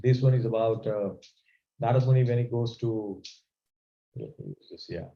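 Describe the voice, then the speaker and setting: A man teaching a scripture class, telling stories in a conversational, animated way and asking the audience questions. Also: lowish voice, measured pace, creaky, echoey room, dull audio.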